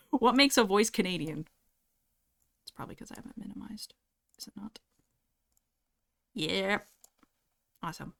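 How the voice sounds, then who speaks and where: Young woman streamer, casual chat, giggly and chatty, mid-pitched, desktop mic. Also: animated, measured pace, vocal fry, pauses often, a bit bright.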